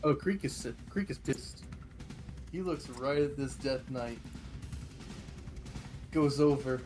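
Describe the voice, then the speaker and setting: A man playing in a live-play tabletop game, talking in an animated way and quick to laugh. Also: medium pitch, over music, low-quality recording. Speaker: player.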